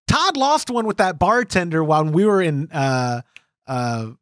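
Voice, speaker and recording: A man's voice: on the high side, unhurried. A man co-hosting a homebrew podcast, telling stories in a casual, teasing way, laughing and acting out quotes. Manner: animated storyteller, acts out quotes, laughs often. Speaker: podcast co-host. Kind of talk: casual banter.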